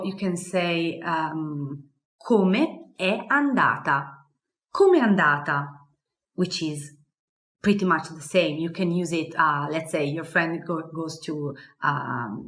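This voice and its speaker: Slow low-voiced Italian woman teaching. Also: a bit bright, echoey room. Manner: explains casually with many fillers. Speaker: language teacher. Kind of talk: language lesson.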